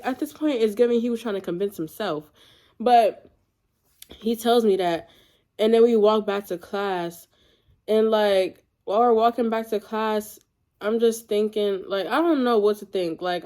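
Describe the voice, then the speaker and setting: A young woman casually telling a personal story to her viewers, chatty and animated, acting out what others said. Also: mid-range voice. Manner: chatty, animated, fast asides and quoted voices. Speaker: storytime vlogger.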